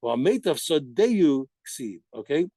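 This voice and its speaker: A man teaching a daily Talmud study lesson in an animated way, asking himself rhetorical questions and answering them, and often stopping to correct himself. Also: a little high, a little slow, no room sound. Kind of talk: daf yomi study lesson.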